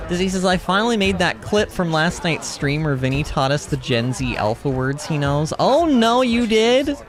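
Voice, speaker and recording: A man hosting a gaming livestream, chatting in a rambling, animated way, reading chat and laughing often. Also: fairly high pitch, moderate pace. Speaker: livestream host. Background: game music.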